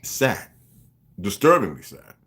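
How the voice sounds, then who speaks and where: A man's voice: fairly low pitch, big pitch swings, slow, a bit bright. A man ranting on a livestream to his viewers, emphatic and profane, rambling and greeting chat viewers by name. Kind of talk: unscripted livestream rant.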